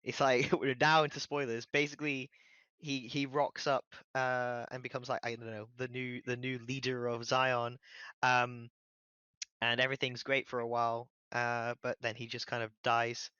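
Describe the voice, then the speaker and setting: A man's voice: mid-range voice, little pitch movement, normal speed, sharp tone, clean tone, no echo, highs cut off. A man co-hosting a podcast, chatting loosely about films and joking around with casual swearing. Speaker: podcast co-host. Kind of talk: casual film discussion.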